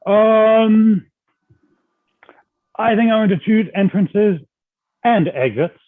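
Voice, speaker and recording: A man playing improv scenes, loud and excitable. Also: sits high, slow, no echo, phone-quality sound.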